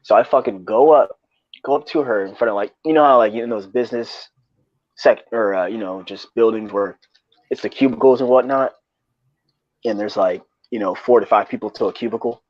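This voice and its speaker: A man's voice: on the low side, a little fast, a little mellow, no room sound. A young man casually telling a rambling, profane story in slangy talk. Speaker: podcast co-host. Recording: dull lo-fi dry sound.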